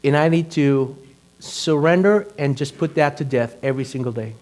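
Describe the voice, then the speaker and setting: A male pastor preaching a conversational sermon that grows loud and animated, full of rhetorical questions. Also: medium pitch, normal speed.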